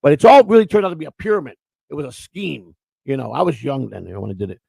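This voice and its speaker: A man chats on a casual morning livestream, spinning long stories in a gravelly, slightly high voice. He doubles back and repeats words as he goes. The sound is dry and close. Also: sing-song, fast, darkish tone, no room sound, rough recording. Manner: rambling storyteller, repeats words. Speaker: co-host.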